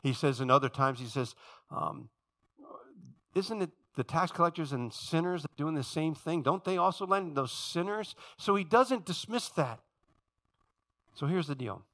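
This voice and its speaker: A man's voice: fairly high pitch, measured pace. A man preaching a sermon who tells the stories vividly and acts out the voices of the people in them. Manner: animated storytelling, acts out quoted voices.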